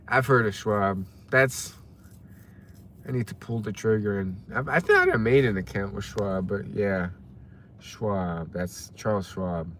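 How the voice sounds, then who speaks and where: Slow-talking man chatting on a live stream. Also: fairly low pitch, sharp tone, a little hiss or hum. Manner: rambling, talks to viewers by name. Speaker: livestreamer reading chat. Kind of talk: casual live-stream chat.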